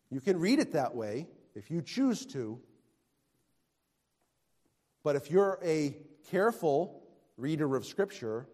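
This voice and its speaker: A man preaching a sermon, swinging from hushed tenderness to loud emphatic declaiming. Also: fairly high pitch. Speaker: pastor. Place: church sanctuary. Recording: long reverb of a large hall.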